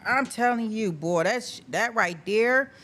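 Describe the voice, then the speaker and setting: A woman's voice: a little high, unhurried, fairly bright tone. Emphatic, exasperated woman host ranting. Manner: emphatic, exasperated, repeats "how dare you", swears. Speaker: host of live trial coverage. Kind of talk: heated casual rant.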